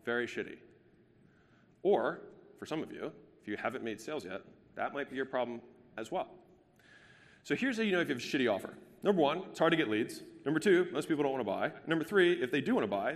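A man's voice: medium pitch, fairly bright tone. Brash man presenting in an echoing hall. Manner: brash, casual, profane and joking. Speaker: business speaker. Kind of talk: live business presentation. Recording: long hall reverb.

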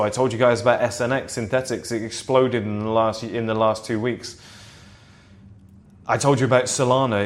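A man sits at home and talks loosely into his own camera. He rambles, swears easily and slides into a confident sales pitch, in a voice of middling pitch. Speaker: vlogger. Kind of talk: casual to-camera vlog. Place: seated at home in a flat. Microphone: camera in front of him.

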